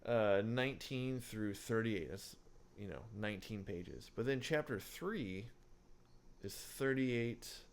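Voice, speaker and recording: A man's voice: fairly low pitch, animated, takes it slowly. A man co-hosting a casual book podcast, rambling with many fillers and restarts. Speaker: podcast co-host. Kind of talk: casual book-club chat.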